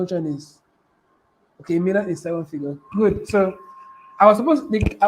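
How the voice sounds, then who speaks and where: A man's voice: high-pitched, a little mellow, rough recording. A man giving a live motivational business talk, repeating key phrases and asking his audience questions. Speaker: business coach.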